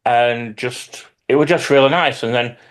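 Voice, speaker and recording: A man, a hobby YouTuber, telling lively anecdotes in casual chat with some swearing. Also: medium pitch, normal speed.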